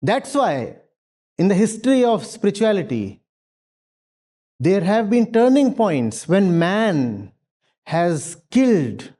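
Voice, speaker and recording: A man giving a spiritual lecture with an animated, lively pitch and a mellow, warm tone. He speaks emphatically, pressing his points with rhetorical questions and repeated phrases. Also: slow, pauses often. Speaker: spiritual teacher. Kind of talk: lecture with audience Q&A. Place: university lecture hall.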